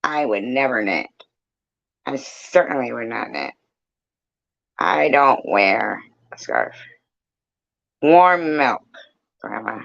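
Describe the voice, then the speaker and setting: Slow, gravelly man rambling as chat host. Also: mid-range voice, animated, fairly bright tone, highs cut off. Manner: rambling, blunt, swears. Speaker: host of a live chat room. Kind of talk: casual live chat.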